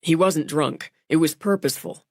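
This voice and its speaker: A woman's voice: low voice, normal speed, gravelly, dry recording. A woman reading voices a shaken young man after a crash, talking in a dry, joking way. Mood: dazed, wry.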